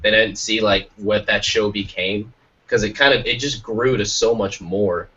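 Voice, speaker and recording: A man's voice: fairly low pitch, fairly even intonation, a little slow, sharp tone. A man hosting a podcast in casual chat, rambling along and swearing now and then. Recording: lo-fi, distant from the mic.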